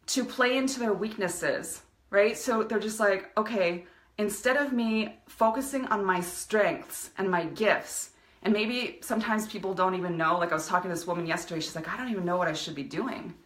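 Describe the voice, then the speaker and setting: On a live stream, a woman coaching her viewers gives a fervent motivational speech at a moderate pace. Her voice is medium-pitched, and the space around it is reverberant.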